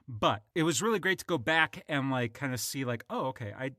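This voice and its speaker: A man hosting a relaxed podcast conversation, his voice at an ordinary middle pitch. He keeps pausing on ums and uhs as he thinks aloud, and the recording is close and dry, with no room sound. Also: no echo. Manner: hesitant, many ums and uhs. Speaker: podcast host. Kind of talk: casual podcast chat.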